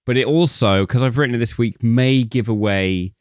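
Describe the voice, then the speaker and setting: A man's voice: medium pitch, normal speed, clean tone, no room sound, clean studio sound. A man co-hosting a film podcast, reading a sardonic, sweary plot breakdown. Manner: sardonic, swearing, laughs at his own jokes. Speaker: podcast co-host. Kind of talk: casual film review chat.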